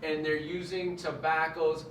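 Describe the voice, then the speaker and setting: A man's voice: fairly high pitch, little pitch movement, unhurried, fairly bright tone. A man hosting a casual chat, frank and opinionated, swearing now and then. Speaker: host. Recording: echoey room, mic far off, ambient noise.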